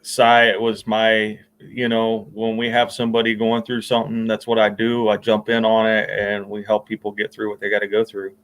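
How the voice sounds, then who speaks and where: A man's voice: lowish voice, completely flat delivery, normal speed, few pauses, fairly bright tone, rough recording. Easygoing rambling male podcast host. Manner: rambling, filler-heavy, easygoing. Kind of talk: casual chat.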